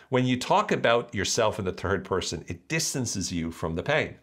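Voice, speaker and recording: A man hosting a motivational podcast, talking in a playful, animated way and acting out voices. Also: on the low side, moderate pace, few pauses. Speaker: podcast host.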